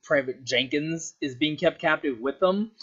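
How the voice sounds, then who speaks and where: A man's voice: fairly high pitch, normal speed, a bit bright, slightly rough. A young man telling a story in a loose, casual ramble, swearing and saying "like" a lot. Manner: loose, sweary, full of filler "like". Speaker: vlogger. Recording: dull lo-fi recording.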